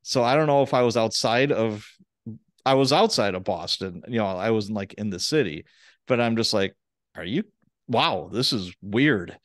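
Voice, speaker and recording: A man's voice: fairly low pitch, animated, moderate pace, no room sound, studio quality. A man hosting a podcast, telling rambling anecdotes in a casual way before asking his guest questions. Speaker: podcast host.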